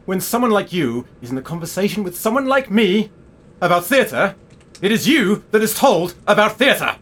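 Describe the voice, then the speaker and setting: Brief: terse, pretentious director, husky high voice, sing-song pitch. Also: male voice, sing-song, normal speed, a bit bright, heavily acted. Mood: terse directing. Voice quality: clipped pronouncements ending in a questioning "yeah?". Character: pretentious, clipped avant-garde theatre director. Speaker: self-styled theatre director. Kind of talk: sitcom acting.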